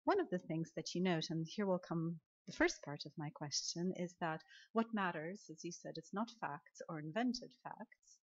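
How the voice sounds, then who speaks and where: A woman from the audience asking an academic question in a lecture hall, measured and thinking aloud. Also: fairly low pitch, animated. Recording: muffled lecture recording.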